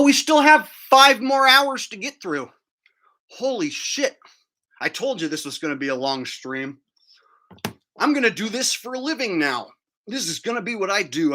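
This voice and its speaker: On a livestream, a man chews food as he delivers a crude, combative, profane rant. His voice is high, pushed and bright.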